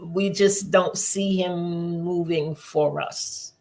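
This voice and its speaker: Slow, gravelly woman host. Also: lowish voice, fairly even intonation, darkish tone. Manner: slow and thoughtful, repeats words as she thinks. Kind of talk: reflective conversation.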